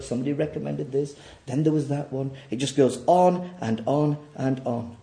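A man preaching a sermon in a church, dropping to quiet low asides and rising to loud, high, near-shouted peaks. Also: reverberant.

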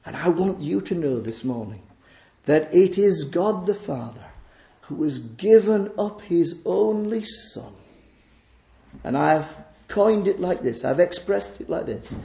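A man's voice: fairly high pitch, animated, takes it slowly, vocal fry, dark tone, reverberant. A man preaching a sermon in a church, fervent and emphatic as he exhorts the congregation.

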